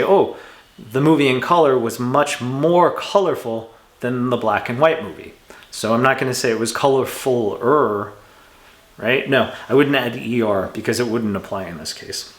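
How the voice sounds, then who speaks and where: A man teaching an English grammar lesson from home, in a relaxed, chatty way that often corrects itself. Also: medium pitch, reverberant. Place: home room with a cat.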